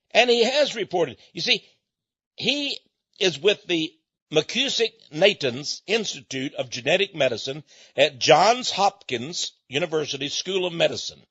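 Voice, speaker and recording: Here a man delivers a forceful, sermon-style talk to listeners, elongating key words, circling back over his points and chuckling now and again. His voice sits high, slightly rough and a bit bright, with no echo, captured in a dull lo-fi recording.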